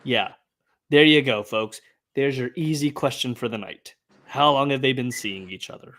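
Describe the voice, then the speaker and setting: A man co-hosts a laid-back streamed trivia show, thinking through answers out loud and trailing into strings of ums and uhs. He's a contestant as well, speaking at an ordinary middle pitch and normal speed in casual live-stream chat.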